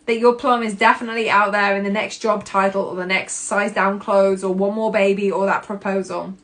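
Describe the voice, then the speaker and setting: A woman in her thirties talks through a self-help podcast episode with a middle-pitched voice. She is candid and expressive, swears casually and acts out her own past reactions. The tone is personal and unscripted. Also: fairly quick. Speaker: podcast host.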